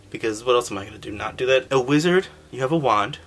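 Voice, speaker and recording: This gaming history host is a man with a mid-range voice who talks a little fast. He runs through an old video game story casually, cracking jokes, cursing, and staying sarcastic and lively.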